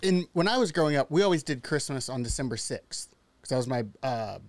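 A man's voice: medium pitch, animated, brisk, no room sound. A man co-hosting a casual studio podcast, with a dry, sarcastic way of talking. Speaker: co-host.

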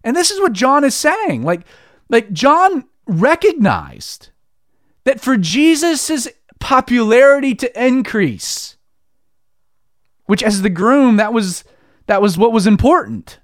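A man's voice: extremely high pitch, big pitch swings, slow pace, dry recording, studio quality. A man giving a casual devotional teaching, talking in a conversational way with many restarts. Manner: conversational, heavy use of "like", frequent restarts. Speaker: Christian preacher.

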